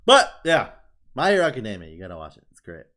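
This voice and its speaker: A young man co-hosting a casual podcast, retelling scenes in an animated way, swearing freely and breaking into silly voices. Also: mid-range voice, brisk, gravelly. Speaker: podcast co-host.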